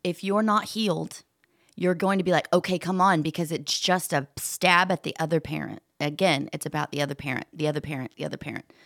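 A woman's voice: deep voice, fairly even intonation, a little fast, gravelly, a bit bright, no echo, studio quality. A woman co-hosting a podcast in casual chat, talking in a frank, matter-of-fact way. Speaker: podcast co-host.

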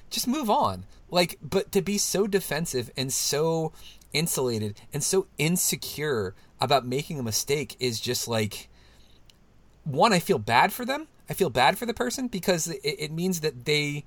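A man co-hosting a podcast in casual chat, animated and laughing often, his voice jumping up when he mimics people. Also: on the high side, no room sound. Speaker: podcast co-host.

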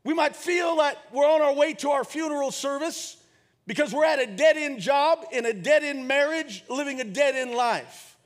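A man preaching a sermon, leading the congregation in call and response and rising to shouts as he tells a story. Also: extremely high pitch, moderate pace. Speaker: pastor.

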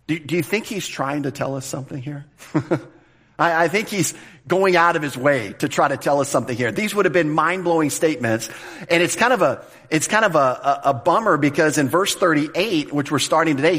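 A man's voice: on the high side, a bit bright. Man preaching a conversational sermon. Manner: conversational, repeats words at restarts, slows for emphasis. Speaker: pastor. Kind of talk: expository sermon.

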